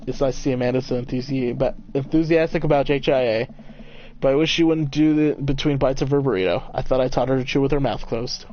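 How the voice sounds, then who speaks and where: A man's voice: medium pitch, fairly even intonation, fast talker, slight background noise. A young man streaming a game, joking, emotional and casual as he reads dialogue aloud. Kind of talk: gameplay commentary, reading dialogue aloud. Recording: dull lo-fi mic, faint music.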